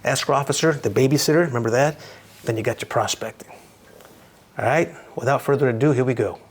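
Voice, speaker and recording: An American man teaching real estate in an energetic recorded lecture, punchy and repeating key phrases straight to his students. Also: medium pitch, fast, breathy edge.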